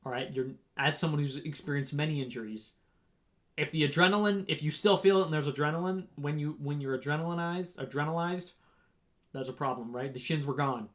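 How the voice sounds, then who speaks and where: Young guy rambling through a story, kinda high voice, lots of "right?" and "um". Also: a little fast. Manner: rambling, animated, frequent "right?" and "um". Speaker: runner on a race team. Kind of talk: casual storytelling vlog.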